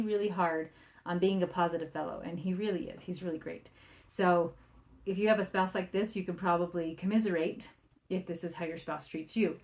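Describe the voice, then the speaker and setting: A woman parenting coach talking on her solo podcast in a conversational way, often checking in with "right?". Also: fairly low pitch. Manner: acts out quoted remarks in a livelier or softer voice.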